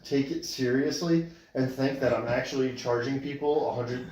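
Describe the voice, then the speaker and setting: A man's voice: mid-range voice, moderate pace, darkish tone. A man co-hosting a podcast, telling stories in a laid-back, casual way and swearing freely. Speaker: podcast co-host. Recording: echoey room.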